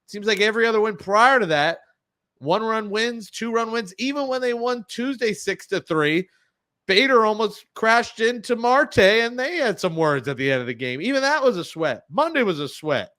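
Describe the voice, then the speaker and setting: A man hosting a sports podcast, talking casually with jokey, animated asides. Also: high-pitched, normal speed. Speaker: podcast host.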